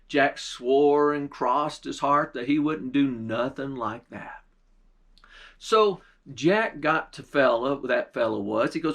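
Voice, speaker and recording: A pastor telling a folk tale in a folksy, dialect-rich storytelling way. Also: male voice, mid-range voice, expressive, measured pace, a bit bright.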